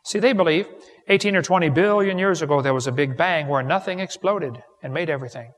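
A man's voice: on the high side, brisk. A man giving a humorous seminar lecture, a folksy storyteller who builds his points to punchlines, recorded live in a large hall. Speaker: creationist seminar speaker.

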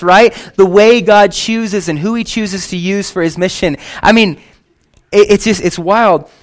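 A young man preaching a sermon to his church in a lively, conversational way, with quick asides and casual slang. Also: high voice. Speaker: pastor.

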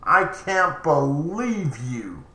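A man's voice: on the high side, very animated, very slow, sharp tone, exaggerated voice. A man voicing a furious, betrayed young woman who accuses her partner. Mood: accusing. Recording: roomy echoey recording.

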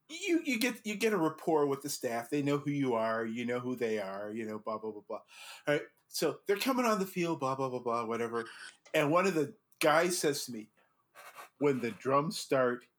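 A man hosting a casual chat, telling animated stories full of restarts and laughter as a former judge. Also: medium pitch, normal speed. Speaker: podcast host and former drum corps judge.

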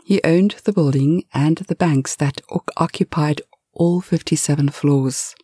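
A woman narrating a bedtime story for adults in a soft, half-whispered delivery. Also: low voice, measured pace, slightly rough, no room sound, studio quality.

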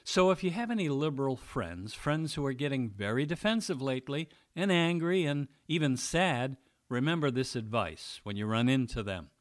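A man's voice: medium pitch, animated, normal speed, hardly any pauses. A man giving a mocking, sarcastic opinion monologue as a political commentator.

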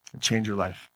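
A man giving an energetic motivational talk on stage, often asking the audience questions. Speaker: motivational speaker.

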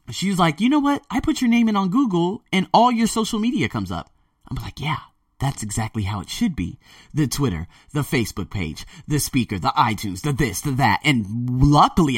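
A young man hosting his own podcast alone, talking casually and animatedly, with loud excited bursts that drop to low murmurs. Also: no echo, studio quality, far from the mic. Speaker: podcast host. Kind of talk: solo podcast monologue.

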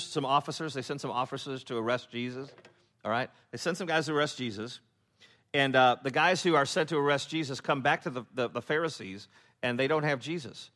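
A man preaching a sermon as a pastor, acting out biblical characters with laughing asides and dropping to a hush on solemn points. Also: a little high. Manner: animated storytelling, acting out voices of biblical figures, laughing asides; drops to a hushed, slow tone on solemn points.

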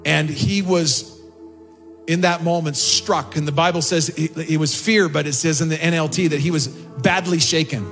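A man preaching a sermon as a pastor, impassioned and rising in pitch on prayers and quotes, with faint music behind. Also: fairly even intonation, moderate pace. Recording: long hall reverb with faint music behind. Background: soft music.

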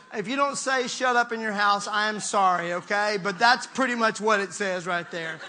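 A man preaching a sermon as pastor, animated, swinging from soft asides to shouts and joking with the congregation, his throat a little strained. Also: high-pitched, moderate pace, hardly any pauses, slight background noise.

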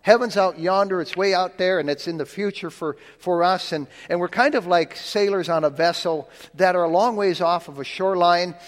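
A man preaching a sermon in a folksy, plain-spoken way, stumbling over repeated words and slowing down to read scripture. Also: high voice, long reverb tail.

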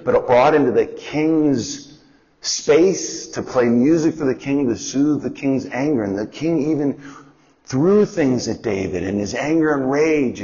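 A man teaching a Bible lesson in a conversational, explanatory way, sometimes asking listeners to repeat after him and acting out quotes. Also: medium pitch. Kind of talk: Bible lesson, call and response. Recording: dull audio with long hall reverb.

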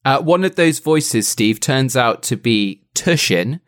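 A man's voice: medium pitch, expressive, takes it slowly. A man hosting a comic podcast, retelling a story playfully and teasing his co-host. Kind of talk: comic book-club podcast chat.

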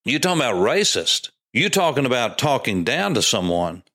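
Male preacher, mid-pitched, emphatic sermon delivery, reads scripture and presses points hard. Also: very animated, moderate pace, a bit bright, no echo, clean studio sound. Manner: emphatic, rising to insistent emphasis.

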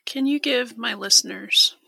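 A woman hosts a podcast interview in a soft, affirming voice that drops into near whispers. Her tone is bright, with husky grain and some gravelly fry. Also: a little high, measured pace, dry recording, low-quality recording. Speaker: podcast host.

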